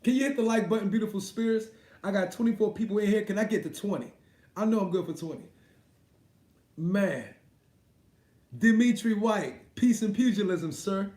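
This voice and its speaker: A man's voice: high voice, normal speed, pauses often, darkish tone. Laid-back, profane male livestream host. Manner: loose, profane, laughs often. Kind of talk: casual live-stream chat. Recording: echoey room.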